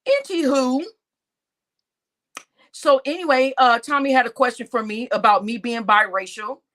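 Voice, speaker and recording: A woman with a slightly high voice rants to her viewers in a loose, profane way. She tells the story in an animated style and keeps speaking directly to the audience. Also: normal speed. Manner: talks straight to her audience as y'all. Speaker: channel host. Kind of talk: casual venting to viewers.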